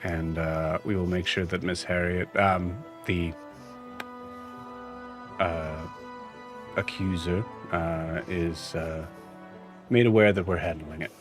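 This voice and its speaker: A polite city guard, plainly out of his depth, voiced by a man who is running the game, stalling through every sentence with ums and uhs. The voice sits low and soft, never rising to take charge. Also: fairly even intonation, slow, pauses often, over music. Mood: hesitant. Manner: hesitant, lots of ums and stalling. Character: hesitant male city guard, polite and flustered.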